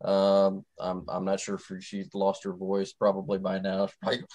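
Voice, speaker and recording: Brief: lower-voiced male radio host, casual and rambling, lots of ums and uhs. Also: completely flat delivery, moderate pace, darkish tone, rough recording. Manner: rambling, loose, lots of fillers. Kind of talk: casual radio show chat.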